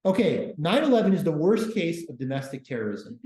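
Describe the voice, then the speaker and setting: A man giving a casual classroom history lecture as a university lecturer, breaking it up with deadpan joking asides. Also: a little high, a little fast. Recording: roomy classroom echo.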